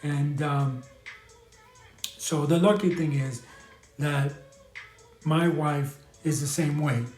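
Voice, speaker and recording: A man from New hosts a live stream, talking candidly and earnestly with many fillers and restarts. His voice sits a little high for a man. The room gives the sound a clear echo. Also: slow pace, long pauses, a little mellow, faint music behind. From New York. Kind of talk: casual live-stream advice talk.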